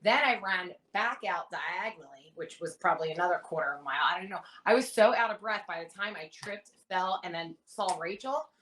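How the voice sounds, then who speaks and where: A woman in her thirties, a reality show contestant, telling stories in a casual interview with animated, rambling detail. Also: on the low side, fairly quick, few pauses, rough recording. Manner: animated, rambling anecdotes with many fillers.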